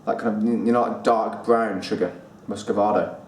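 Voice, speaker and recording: Male reviewer, lowish voice, chatty and halting, echoey room, mic a bit far off. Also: steady tone. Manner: chatty, pausing, repeats words while thinking. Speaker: whisky reviewer. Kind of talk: casual spoken review. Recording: roomy echo, distant mic, faint room noise.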